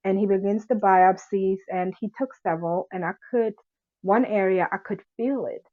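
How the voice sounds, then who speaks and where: A woman's voice: medium pitch, fairly even intonation, normal speed, dry recording. A woman telling a personal story as a guest in a conversation, emphatic and replaying what people said. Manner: emphatic, replays dialogue, occasional laughs. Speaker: guest sharing a survivor story. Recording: dull lo-fi sound.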